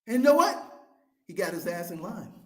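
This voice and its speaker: Fired-up shouting man, very high voice. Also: sing-song, moderate pace, roomy sound. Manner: fiery, shouting, profane, preacher-like cadence. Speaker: financial coach, show host. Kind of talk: impassioned motivational rant.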